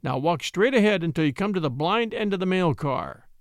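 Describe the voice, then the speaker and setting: A man voicing a cool, cunning young attorney in a story reading, smooth and commanding. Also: high-pitched, expressive, fairly quick, dry recording, studio quality. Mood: stern. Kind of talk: audiobook character voice.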